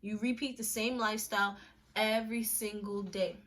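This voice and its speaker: A young woman talking straight to camera in a casual vlog. Her voice is bright and forward. She speaks candidly and emphatically, in slangy everyday talk with quick restarts. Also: medium pitch, steady tone. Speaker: vlogger.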